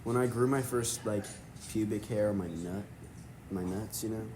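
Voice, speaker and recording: A man co-hosting a casual podcast, telling stories in an animated way with lots of swearing and "bro". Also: lowish voice, moderate pace. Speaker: podcast co-host. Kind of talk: casual chat. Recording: echoey room, faint background noise.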